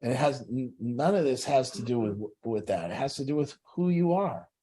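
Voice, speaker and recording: A middle-aged man speaks to a group in a blunt, profane way and mixes life lessons with a personal story. His voice sits at an ordinary pitch for a man. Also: expressive, moderate pace, mellow, husky. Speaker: recovery group leader.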